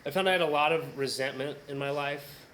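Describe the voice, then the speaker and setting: A man's voice: on the high side, fairly quick, fairly bright tone, a little hiss or hum, low-quality recording. Candid man giving a reflective speech. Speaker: program graduate giving a speech. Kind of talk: personal speech at a ceremony.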